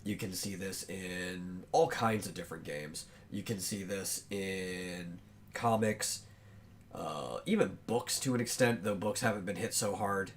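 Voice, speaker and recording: A man hosting a casual podcast, thinking aloud as he talks, with many pauses and fillers. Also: low voice, slight background noise. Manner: chews on bread while talking. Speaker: podcast host.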